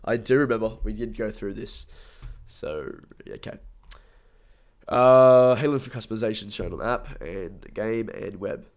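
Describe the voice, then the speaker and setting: A man's voice: lowish voice, lively intonation, measured pace. A young Australian man with a stuffy nose, rambling casually on a live stream and thanking his viewers. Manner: rambling, chatty, upbeat, thanks viewers often.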